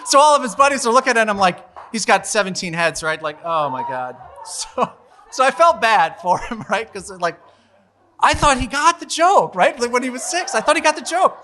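Man, 40s, live storyteller on a stage mic; high, bright, chatty, laughs as he goes. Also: slight background noise. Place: live storytelling show at a bar venue.

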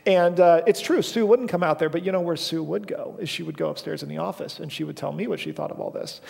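A young man gives a casual, rambling sermon in a church, his fairly high voice edged with a gravelly fry. Long reverb from the big sanctuary trails behind his words. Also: fast talker, a little mellow. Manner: casual storytelling, self-deprecating, with frequent fillers. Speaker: pastor.

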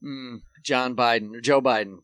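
A man's voice: mid-range voice, steady tone, moderate pace, a bit bright, dry recording. A man co-hosting a comedy podcast, riffing casually and swearing a lot as he rambles. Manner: profane, rambling riffs. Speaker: podcast co-host.

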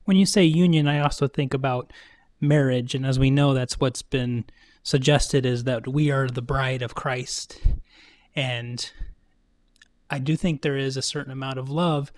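A man in a casual Bible study chat who speaks warmly and enthusiastically, affirming what the others say. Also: mid-range voice, fairly even intonation, measured pace. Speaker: co-host in a Bible study talk.

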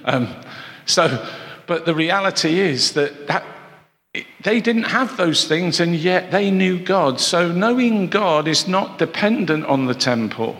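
A man delivers a sermon in a conversational way, breaking off for asides and rhetorical questions to his listeners. His voice has a gravelly edge. The recording carries the long reverb of a large hall. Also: sits high, expressive, a little slow, a bit bright. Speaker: preacher.

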